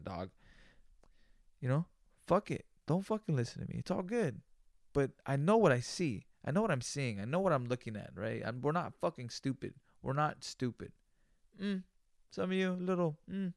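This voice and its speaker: A man with a gravelly, fry-laden voice rambles through a casual solo podcast rant, high and full of slang and swearing. The sound is close and dry, with no room around it. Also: no echo. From United States. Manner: profane, loose, slangy ranting. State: high on cannabis.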